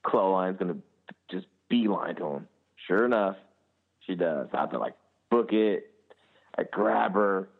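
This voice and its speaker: A man in his thirties hosting a podcast, telling a lively family anecdote. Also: sits low, measured pace, vocal fry, pauses often. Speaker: podcast host. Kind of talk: casual chat. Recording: tinny phone-line sound.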